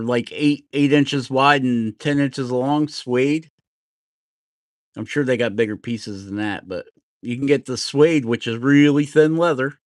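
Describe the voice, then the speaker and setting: A man's voice: medium pitch, dry recording, clean studio sound. A middle-aged man from New Jersey, chatting casually and rambling as he hosts a woodcarving livestream, laughing at himself now and then. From New Jersey, USA. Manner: rambling, self-deprecating, laughs often. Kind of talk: casual chat while carving.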